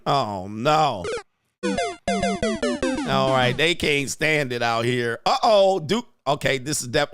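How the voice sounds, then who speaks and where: A man's voice: mid-range voice, fairly bright tone. A man hosting a live reaction show, exclaiming, laughing and making mocking asides over clips.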